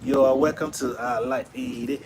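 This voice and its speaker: A man's voice: mid-range voice, fairly even intonation, moderate pace, a crowd in the background, rough recording. A man chatting casually on a live stream, playfully coaxing his son and greeting viewers, often repeating himself.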